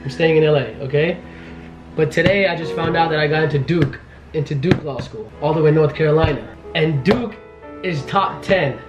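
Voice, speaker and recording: A man's voice: fairly high pitch, a little fast, dull audio. Young guy vlogging at home, kinda frantic, echoey room w some music. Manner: frantic, pleading and laughing nervously. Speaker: vlogger, law student. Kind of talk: casual vlog talk.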